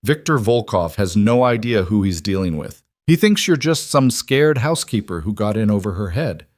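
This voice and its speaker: A man's voice: on the low side, very animated, moderate pace, a little mellow, no room sound, clean studio sound. A man doing a fierce, protective crime boss. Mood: intense, tender. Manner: intense, protective.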